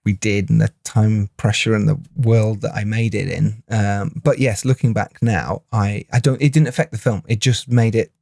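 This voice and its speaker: A man, a film director co-hosting a podcast, telling stories in animated casual chat and laughing often. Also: lowish voice, normal speed, vocal fry, hardly any pauses, no echo, studio quality. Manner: animated storyteller, laughs often, restarts phrases.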